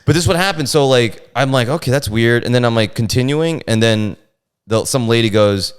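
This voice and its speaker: A man's voice: medium pitch, fairly quick, crowd noise. A man, a comedian, telling stories about heckled shows in casual chat, acting out the other voices as he goes. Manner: animated, acts out voices in his stories, profane. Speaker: comedian guest.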